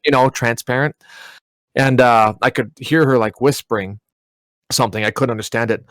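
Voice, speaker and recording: Young male podcast host, animated storyteller, mid-range voice, dry close mic. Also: medium pitch, moderate pace, no room sound. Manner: animated, swearing, laughing retelling. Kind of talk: casual storytelling.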